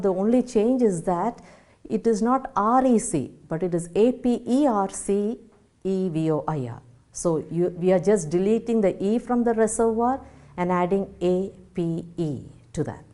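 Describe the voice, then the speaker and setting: A woman's voice: medium pitch, animated, normal speed, dark tone. A woman teacher with an Indian English accent giving a French lesson, explaining patiently step by step, spelling out letters and checking in with "okay?". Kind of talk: spoken language lesson.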